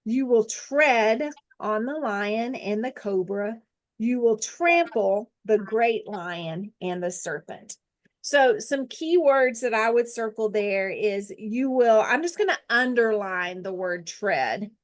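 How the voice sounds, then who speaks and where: A woman teaching a Bible study, slowly dictating verses and guiding drawing with a friendly, self-deprecating manner. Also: on the high side, expressive. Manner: slow, deliberate dictation, repeating phrases; friendly, laughs at herself. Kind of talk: guided scripture lesson with drawing.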